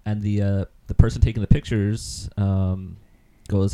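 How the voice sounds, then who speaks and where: A man's voice: on the low side, little pitch movement, unhurried, dark tone. A man co-hosting a casual chat, rambling through an anecdote with lots of ums and easy laughs. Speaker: podcast co-host.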